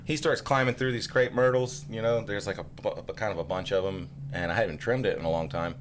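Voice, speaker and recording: A man's voice: fast talker, slight background noise. A man in his thirties telling a story in casual podcast chat, acting out other voices along the way. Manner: animated storyteller, acts out voices with big pitch jumps. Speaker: podcast co-host.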